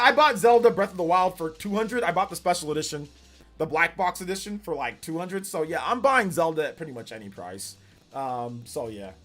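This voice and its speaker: A man in his forties streaming live and reading chat, laid-back with bursts of animated teasing. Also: a little high. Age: 40s. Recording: faint music behind the voice.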